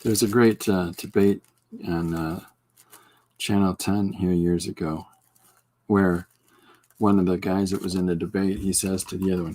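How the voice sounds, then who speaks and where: A man's voice: deep voice, level tone, normal speed, dark tone. A man hosting a podcast livestream, chatting casually and joking with viewers while he draws. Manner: rambling, joking, reacting to chat. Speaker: podcast host.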